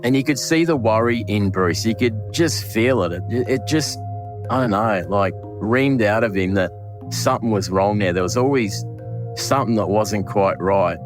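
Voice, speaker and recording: In this interview recollection, a man with a lowish voice talks about a late colleague from his butcher's shop in Australia. He's emotional, stumbles into restarts, and performs the conversations he remembers, while music runs in the background.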